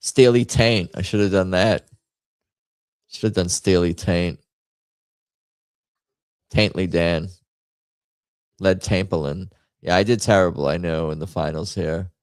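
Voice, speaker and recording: A man's voice: sits low, steady tone, measured pace, pauses often, clean tone, dry recording, studio quality. A man hosting a live stream, rambling and joking to himself while he plays a party word game. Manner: rambling, jokey, self-mocking commentary. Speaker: stream host playing party games. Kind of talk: casual game-stream chatter.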